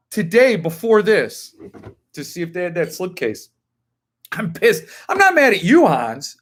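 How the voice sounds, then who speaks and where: A rambling, chatty man in his fifties whose voice sits a little higher than most men's. He hosts a live stream and answers viewers one by one in a loose, conversational way. Every so often he works himself up into an indignant rant. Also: fairly bright tone. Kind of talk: casual live-stream chat reading viewer comments.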